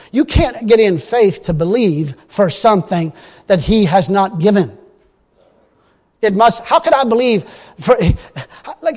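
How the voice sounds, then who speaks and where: A man with a high voice delivers a sermon in a plain, folksy manner. He leans on his points and bursts into loud exclamations. His voice rings out with the long reverb of a hall. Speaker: preacher.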